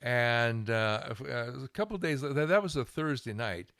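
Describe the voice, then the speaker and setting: An older man, a guest minister, telling a lively anecdote in an interview, chuckling and restarting his phrases. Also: mid-range voice, moderate pace, creaky, no room sound, clean studio sound. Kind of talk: storytelling interview.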